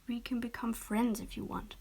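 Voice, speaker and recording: Woman plays a kind teen girl; a gentle, airy whispered role-play. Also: fairly high pitch, moderate pace, close to an everyday voice. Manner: soft, gentle, half-whispered. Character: shy teenage girl, polite and kind.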